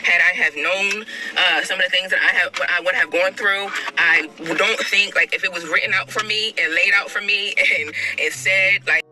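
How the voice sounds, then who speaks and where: A woman in a played interview clip, talking candidly in a halting, hesitant way with many restarts. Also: lowish voice, fairly even intonation, pushed and bright, poor audio.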